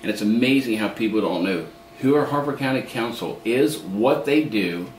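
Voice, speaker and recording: A man's voice: on the low side, animated, normal speed. A man running for county council, telling a folksy, chatty story about local politics and acting out the voices of the people in it. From Maryland, USA. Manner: chatty, acts out quoted voices, repeats and restarts. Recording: roomy echo with faint background noise.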